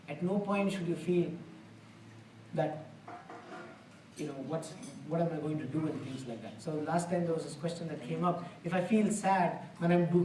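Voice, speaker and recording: A spiritual lecturer with a slightly high voice and dark tone gives a conversational discourse in a temple hall, earnest and plain-spoken with homely examples. The roomy, distant mic adds a little hiss or hum.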